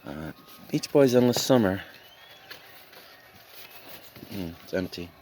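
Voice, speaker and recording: A man casually talking through a pile of records he is reselling, reading out album titles and dropping deadpan jokes as he goes. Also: low-pitched, moderate pace, slight background noise. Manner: rambling, reads out album titles with deadpan joking asides. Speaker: reseller showing a record haul. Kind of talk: casual vlog commentary.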